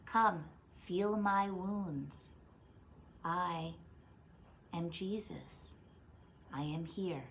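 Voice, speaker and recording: A slow, soothing Jesus speaks with quiet calm, as a woman storyteller puts him on. He is a gentle grown man in a children's Bible story, and the voice is lower than the teller's own pitch. A faint hum lies behind it. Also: creaky, echoey room, exaggerated voice.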